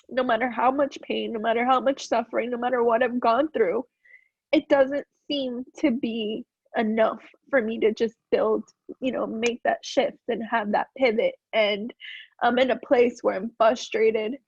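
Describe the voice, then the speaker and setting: A woman's voice: on the high side, slightly rough, no echo, muffled recording. A woman calling in to a group call, sharing in an earnest, emotional way while close to tears. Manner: earnest and searching. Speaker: caller.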